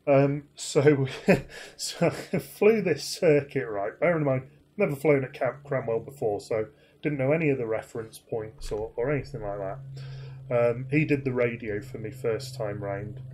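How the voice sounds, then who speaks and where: A man's voice: mid-range voice, normal speed, a little mellow, slightly rough. A man casually telling a rambling, self-deprecating anecdote, full of fillers and restarts. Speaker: flight sim streamer.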